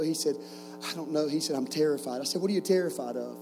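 A man's voice: a little high, steady tone, quick pace, background noise. A man in his forties preaching to a camp group, telling stories with jokes and rhetorical questions. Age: 40s. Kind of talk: sermon with stories.

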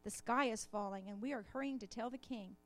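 A fretful hen from a children's storybook, convinced that the sky is falling, as a woman reads her aloud. The voice stays fairly high but drops low and soft for the tale, calm and unhurried. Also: natural voice. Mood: alarmed. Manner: storybook reading voice. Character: anxious hen, female, sure the sky falls.

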